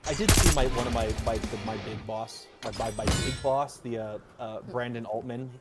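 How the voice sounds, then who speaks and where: A man's voice: mid-range voice, steady tone, normal speed, heavy background noise. A man streaming a game, chatting casually in a rambling, stumbling way. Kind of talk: casual chat while gaming. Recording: loud game music and gunfire behind.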